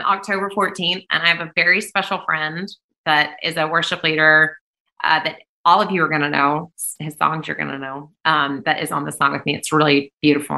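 A woman worship singer, a guest on a remote call, sharing her faith in an earnest, emphatic, deliberate way. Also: low-pitched, creaky, pushed and bright, reverberant, low-quality recording. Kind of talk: heartfelt faith testimony in conversation.

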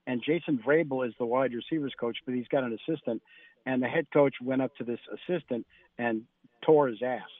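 A man's voice: mid-range voice, a little fast, dry recording. A man reporting on football practice as a radio guest, talking animatedly and acting out what coaches said. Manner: animated, quotes coaches in lively bursts. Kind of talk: phoned-in radio interview. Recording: tinny phone line.

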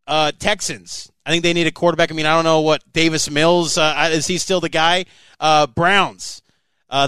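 A man's voice: smooth, dry recording. A man co-hosting a sports podcast, talking casually and emphatically about a college football game. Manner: animated, emphatic, pitch jumping up on key points. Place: on location, flew in for the game.

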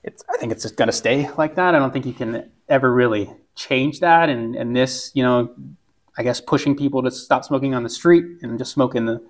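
Man, podcast co-host, relaxed chat, reads news items, mid pitch. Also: a little fast. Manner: conversational, reads travel news segments. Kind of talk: casual chat and news reading.

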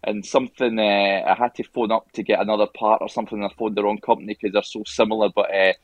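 A man's voice: fairly low pitch, little pitch movement, quick pace, no echo, lo-fi sound. Easygoing man on a dry mic. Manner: chatty, easygoing, laughs along. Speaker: podcast guest. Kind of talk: casual podcast chat.

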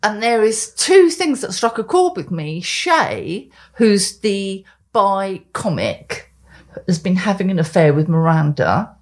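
A woman's voice: mid-range voice, sing-song, slow. A woman co-hosting a casual chat podcast, blunt and opinionated, given to ranting. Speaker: podcast co-host, columnist.

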